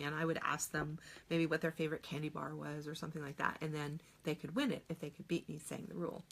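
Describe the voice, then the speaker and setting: A woman's voice: low voice, fairly even intonation, fast talker, creaky, few pauses, slight background noise. A middle-aged woman teaching a phonics lesson on video, explaining patiently step by step and modeling each sound aloud.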